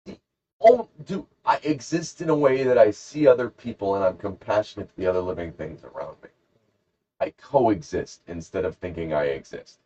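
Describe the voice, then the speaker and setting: Brief: low-voiced male podcast host, animated and jokey, muffled audio. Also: moderate pace. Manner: rambling, jokey, acts out characters. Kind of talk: casual chat, storytelling.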